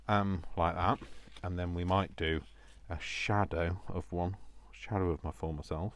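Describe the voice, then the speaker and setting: A man's voice: deep voice, unhurried. A man hosting a crafting video, rambling and joking at his own expense while he works, often talking to himself. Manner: rambling, self-mocking, talks to himself. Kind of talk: casual crafting chat while working.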